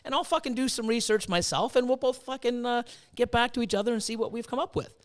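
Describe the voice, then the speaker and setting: A man's voice: very high-pitched, quick pace. A middle-aged man hosting a casual chat, swearing freely and acting out his own past reactions. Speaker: host.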